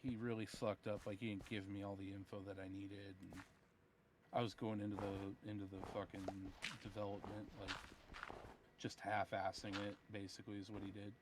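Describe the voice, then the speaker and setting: A tired man, a software developer, ranting about work with heavy swearing in a casual voice-chat conversation. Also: lowish voice, level tone, moderate pace, noisy background. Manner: profane, ranting, retells dialogue. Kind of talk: casual chat over voice call.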